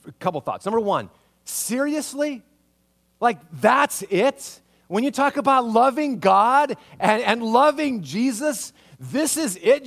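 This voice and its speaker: A male pastor delivering a sermon in a conversational, animated way, often asking listeners rhetorical questions. His voice sits high and swings widely in pitch as he acts out reactions. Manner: conversational, full of rhetorical questions and tag "right?".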